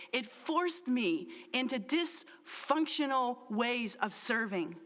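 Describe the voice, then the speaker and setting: A woman's voice: on the high side, lively intonation, slow pace, a bit bright. A middle-aged woman pastor preaching a sermon in an earnest, emphatic way, repeating key phrases for weight. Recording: long reverb of a large hall.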